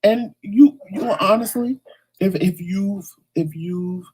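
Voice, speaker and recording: Blunt, animated man with a mellow voice. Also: high voice, slow pace, breathy edge, poor audio. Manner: animated, blunt, rambling with stutters and slang. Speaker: morning show host. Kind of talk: casual monologue.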